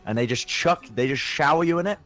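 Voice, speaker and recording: A young man telling a story in casual chat, animated and sweary, with lots of stumbling restarts. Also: fairly high pitch, fast, soft background music. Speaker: podcast co-host.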